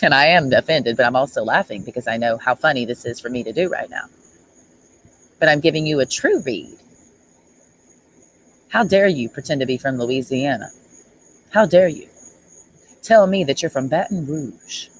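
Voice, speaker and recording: A woman's voice: rumbling low, animated, normal speed, poor audio. A woman streamer ranting at someone in a sarcastic, mocking and confrontational way. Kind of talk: livestream rant.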